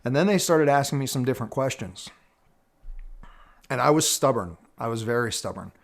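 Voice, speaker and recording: A middle-aged man speaking earnestly to viewers about personal growth, telling his own story in a measured, reflective way with pauses. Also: mid-range voice, animated, creaky. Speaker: personal development teacher. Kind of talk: reflective personal talk to camera.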